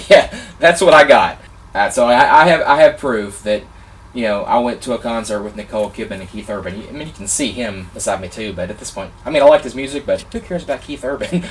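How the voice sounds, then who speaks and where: A man vlogger telling a personal story in a casual, excitable, animated way, gushing like a fan. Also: mid-range voice, a little fast, recorded from a distance, slight background noise.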